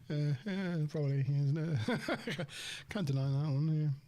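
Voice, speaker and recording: A man's voice: on the high side, dark tone. A man hosting a casual podcast review from home over a call. He talks in an easygoing, agreeable way and chuckles often. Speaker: podcast host. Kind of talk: casual chat, reviewing a TV episode.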